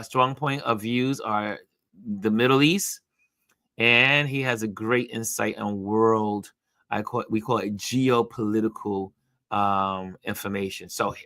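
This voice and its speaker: With a lowish voice that sounds pushed and bright yet clean, this livestream host chats loosely with his audience, reads their comments aloud and repeats phrases to stress them. Dry recording, clean studio sound.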